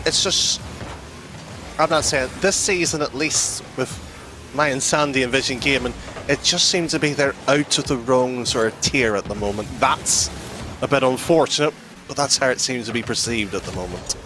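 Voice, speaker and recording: A man's voice: medium pitch, normal speed, noisy background. A man giving colour commentary on a live esports match, teasing his partner and laughing often, on a headset mic.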